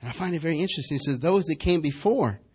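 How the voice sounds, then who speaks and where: A man preaching a sermon, telling stories with big swings between shouting and hushed asides. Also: a little high, very fast, slightly rough. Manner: animated storytelling, swinging between shouts and near-whispers. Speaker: pastor.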